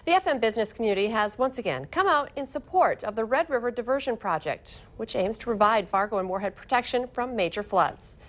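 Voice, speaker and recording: A woman's voice: fairly high pitch, lively intonation, fairly quick, hardly any pauses, a bit bright. A woman news anchor reading local stories in a morning newscast from a TV studio, chatty in the banter between stories.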